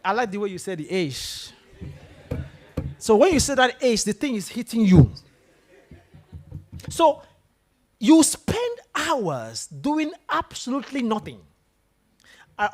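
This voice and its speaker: A man gives a motivational talk to a room of students. His pitch swings widely as he fires questions straight at the crowd and pushes them to answer. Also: unhurried, pauses often. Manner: animated, questions the audience directly. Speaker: guest speaker at a university.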